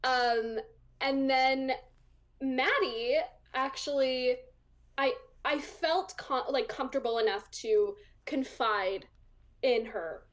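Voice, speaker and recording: Taking it slowly, a young woman with a high-pitched voice tells a personal story as a guest on an interview show. She's chatty and casual, laughs often, and fills her talk with ums and likes.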